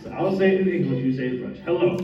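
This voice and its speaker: A man's voice: on the high side, very fast, slight background noise. A man hosting a children's program, encouraging the kids and asking them lots of questions. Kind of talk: leading a children's group lesson. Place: large room with children. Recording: echoey room, distant mic, dull, children around.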